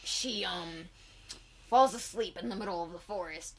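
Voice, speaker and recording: A woman hosting a cosplay comedy recap of a film, rambling crudely with constant swearing and putting on quick voices for the characters. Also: on the low side, slight background noise.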